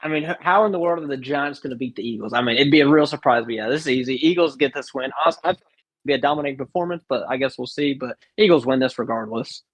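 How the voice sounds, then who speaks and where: A man's voice: mid-range voice, fast, no echo. A young man co-hosting a casual sports picks chat, rambling and full of fillers. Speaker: co-host.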